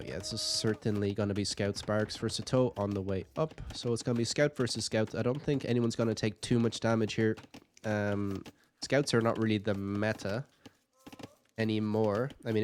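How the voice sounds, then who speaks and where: Low-voiced man casting a strategy game. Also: slight background noise. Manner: chatty, thinking aloud, light jokes. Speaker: game caster. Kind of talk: casual video game commentary.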